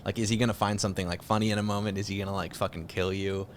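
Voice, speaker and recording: A young man co-hosting a film podcast, telling movie scenes in a loose, profane, animated way. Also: low voice, racing, slight background noise. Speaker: podcast co-host. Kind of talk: casual chat.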